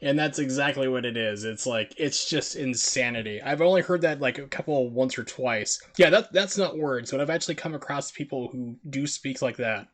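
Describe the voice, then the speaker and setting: A man's voice: medium pitch, normal speed, few pauses, fairly bright tone. A man from the United States streaming a game, chatting in a rambling, filler-heavy way. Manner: rambling, filler-heavy chat with put-on voices. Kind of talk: casual gameplay commentary.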